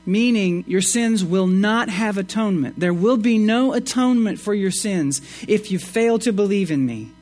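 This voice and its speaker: High-voiced man preaching a sermon. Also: moderate pace, few pauses. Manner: expressive, swings between emphatic rises and low asides. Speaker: pastor.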